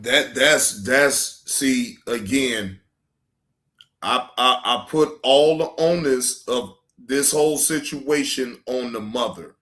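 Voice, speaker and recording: Slow-talking male reaction host. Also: mid-range voice, fairly bright tone. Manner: preachy, repeats himself, asks "right?". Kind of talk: casual commentary.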